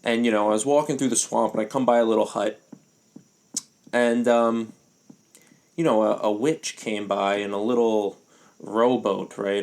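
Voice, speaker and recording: A young man hosting a comedy podcast, telling rambling absurd stories in a deadpan way with sudden loud bursts. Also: on the low side, normal speed, gravelly, pauses often. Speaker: podcast host. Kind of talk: absurd comic storytelling.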